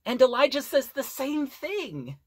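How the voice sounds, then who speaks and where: A Bible teacher giving an earnest sermon, reading scripture aloud and explaining it with deliberate repetition. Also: high voice, big pitch swings, slightly rough, no room sound. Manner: earnest, deliberate, repeats key phrases for emphasis.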